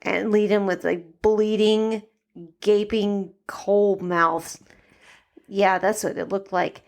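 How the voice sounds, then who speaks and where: A young adult woman in a casual podcast chat, with a voice of middling pitch. She sounds blunt and incredulous, swearing freely as she pushes back on her co-host. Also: flat delivery, slow, gravelly.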